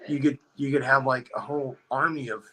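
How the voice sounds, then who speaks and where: A man telling a story on a podcast, in a rambling, animated way, leaning hard on "like.". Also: mid-range voice, brisk, low-quality recording. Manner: rambling, animated, heavy use of "like". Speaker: podcast guest. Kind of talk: casual storytelling chat.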